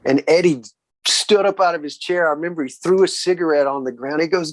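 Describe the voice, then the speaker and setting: A man's voice: fairly high pitch, brisk, dry recording. Laid-back Southern man telling stories. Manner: relaxed, says "man" a lot, acts out quoted voices. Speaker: guest musician. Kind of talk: casual storytelling interview.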